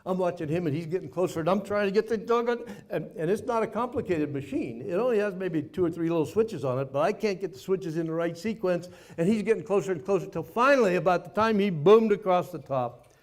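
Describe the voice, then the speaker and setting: An older man tells an audience a story about his war years. His voice sits a little high, and his delivery is folksy and self-mocking, with dramatic pauses. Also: expressive. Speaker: guest speaker, former Navy pilot. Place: party venue before a live audience.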